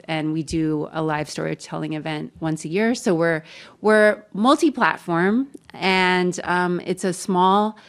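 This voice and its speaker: A woman in her forties who heads an audio journalism program, speaking on a panel in a smooth radio voice, conversational and quick to laugh. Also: low-pitched. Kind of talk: open house panel talk.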